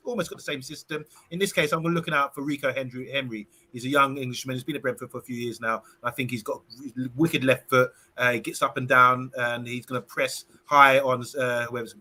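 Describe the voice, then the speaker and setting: A man giving his views as a panelist in a casual football chat, brisk with frequent fillers. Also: mid-range voice, bright, forceful tone.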